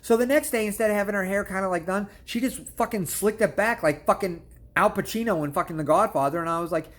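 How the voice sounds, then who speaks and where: Speaking quickly in a high register, this man hosts his own channel and rants to camera in a crude, blunt comedic style. His storytelling is packed with nonstop swearing and frequent "I'm like" asides.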